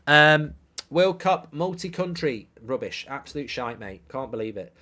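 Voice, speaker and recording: The voice is a man, middle-aged, riffing on football for a live-stream audience. He is opinionated and jokey, with casual swearing, and his voice sits at a middling pitch. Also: animated, measured pace, pushed and bright. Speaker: football watchalong host. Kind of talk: live-stream football chat, reading viewer comments.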